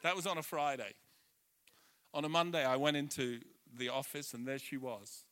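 A middle-aged man preaching a sermon in church, an animated storyteller who swings from quiet asides to loud, emphatic bursts. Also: medium pitch, moderate pace, smooth. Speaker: pastor.

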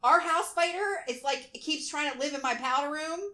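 A woman's voice: high voice, a little fast, bright, forceful tone. A woman co-hosting a podcast in casual chat, laughing often and reading news aloud. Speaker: podcast co-host.

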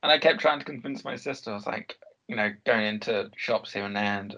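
A man's voice: lowish voice, a little fast, pushed and bright. A man co-hosting a podcast, telling stories in an easygoing casual chat. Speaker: podcast co-host. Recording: dull lo-fi sound.

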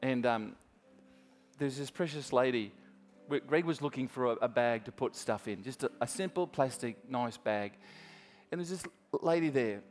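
A man's voice: mid-range voice, moderate pace, soft background music. Australian man preaching in a reverberant church. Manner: chatty, restarts often, speaks straight to the congregation. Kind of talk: sermon with storytelling.

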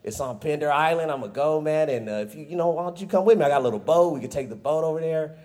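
A male comedian putting on the low, easygoing voice of his Canadian bar-owner buddy. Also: lively intonation, rapid-fire, a little mellow, natural voice. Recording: music bed under the voice.

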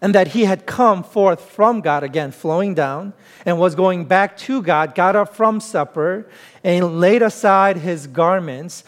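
A middle-aged pastor preaching a sermon in a conversational, emphatic way, mixing scripture reading with plain everyday examples. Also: male voice, high-pitched, a little slow. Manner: conversational, emphatic preaching with self-deprecating humor.

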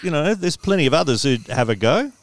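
A man's voice: a little high, big pitch swings, brisk, dry recording. A man hosting a podcast, chatting casually in a playful, teasing, self-mocking way. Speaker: podcast host. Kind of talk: casual comedic chat.

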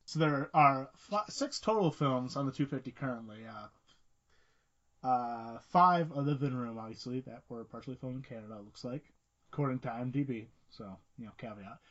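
A man co-hosting a casual film podcast, cracking quick jokes between points. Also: medium pitch, a bit bright. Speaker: podcast co-host. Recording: muffled lo-fi audio.

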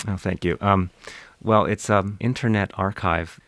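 A man with a Western Pennsylvania accent, a linguistics professor answering interview questions in a measured, lecturing way and demonstrating speech sounds. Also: sits low, fairly even intonation, a bit bright, dry recording. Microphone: studio microphone, close.

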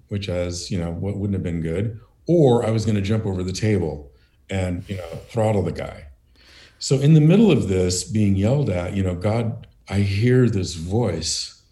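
A business owner telling a personal story on a panel, measured and hesitant, with many "uh"s. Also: male voice, low voice, warm tone.

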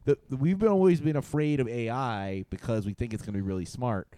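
A man in casual comedy banter, rambling and breaking into laughter partway through his lines. His voice sits at an ordinary middle pitch. The sound is dry and close, with no room around it. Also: quick pace, warm tone, no room sound. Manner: rambling, laughs mid-sentence. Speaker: podcast co-host.

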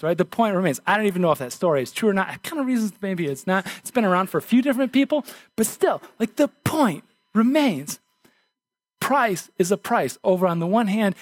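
Male pastor, 30s, casual and self-deprecating sermon; high voice, dry close sound. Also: dry recording.

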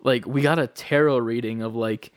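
A man's voice: mid-range voice, fairly even intonation, moderate pace, clean tone, dry recording. Young male podcast co-host, rambling, filler-heavy, dry sound. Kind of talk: casual chat.

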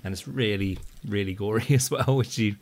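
A man's voice: fairly low pitch, normal speed. A man chatting about a film with short, appreciative remarks. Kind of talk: casual film chat.

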